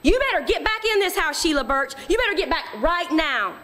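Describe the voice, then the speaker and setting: A woman voicing a stern middle-aged rural mother who scolds sharply and rises to shouts. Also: high-pitched, animated, brisk. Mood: shouting.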